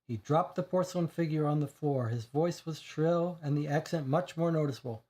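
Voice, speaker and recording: A man's voice: on the high side, moderate pace, hardly any pauses, dark tone. A man reading a crime dossier aloud for a game stream, with small slips, then commenting casually.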